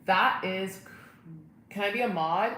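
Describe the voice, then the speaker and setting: A woman's voice: medium pitch, unhurried, bright, forceful tone. A young woman hosting a casual livestream from home, chatting and answering viewer comments. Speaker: livestream host. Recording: echoey room, faint ambient noise.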